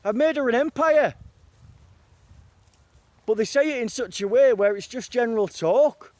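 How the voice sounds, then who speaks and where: Raw, rambling Englishman with a high voice. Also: normal speed, a little mellow, no room sound. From northern England. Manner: raw, profane, jumps between quotes and rants. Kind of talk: rambling confessional monologue.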